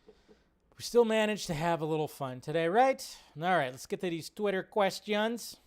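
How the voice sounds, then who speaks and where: A man hosts a live movie news stream in a relaxed, chatty way. His voice sits a little high and sounds clean and resonant. He thinks out loud and often restarts his sentences in an offhand, rambling manner. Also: normal speed, smooth. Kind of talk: casual live-stream chat.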